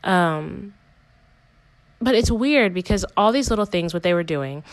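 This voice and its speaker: Young woman podcast host, lower pitch, candid rambling chat, very dry close sound. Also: lively intonation, measured pace, dry recording, poor audio. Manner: rambling, candid, self-correcting with many "like"s. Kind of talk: casual personal podcast monologue.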